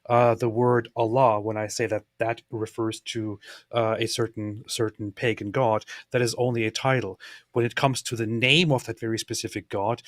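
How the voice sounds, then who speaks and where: A man's voice: mid-range voice, no room sound, clean studio sound. A man co-hosting a livestream, explaining and arguing his point with many fillers. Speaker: livestream co-host. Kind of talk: casual debate chat.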